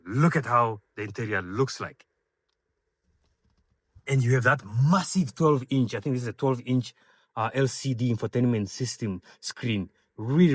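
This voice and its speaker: A man giving an enthusiastic car walkaround review, pointing out features with frequent fillers and calling his viewers ladies and gentlemen. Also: mid-range voice, dry recording, studio quality.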